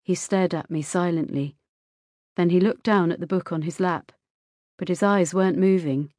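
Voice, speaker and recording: Low-voiced woman narrating an audiobook. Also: moderate pace, darkish tone, no room sound, studio quality. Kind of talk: scripted first-person narration.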